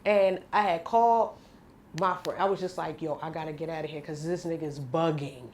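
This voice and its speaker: A woman's voice: sits low, moderate pace, darkish tone, roomy sound, slight background noise. A woman guest in a candid radio interview, telling a personal story bluntly and with slang.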